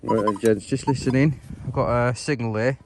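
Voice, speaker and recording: Walking and talking in a field while metal detecting, a British vlogger cheerfully chats to his ladies and gents. His mid-range voice moves at a moderate pace, with background noise present.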